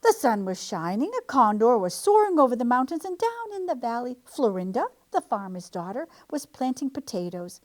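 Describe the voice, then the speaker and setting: A woman reading a picture book aloud for storytime, in an expressive way. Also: on the high side, normal speed, few pauses. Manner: expressive, animated. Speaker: library storytime reader.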